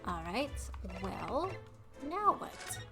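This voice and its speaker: Woman streamer with lively reactions. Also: high voice, extremely slow. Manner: animated reactions, reads game dialogue aloud. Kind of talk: casual live-stream game play and reading aloud. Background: game music.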